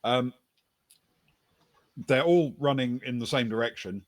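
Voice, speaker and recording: A man narrating a tabletop game as game master, describing scenes in an unhurried way with many pauses. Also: mid-range voice, dry recording.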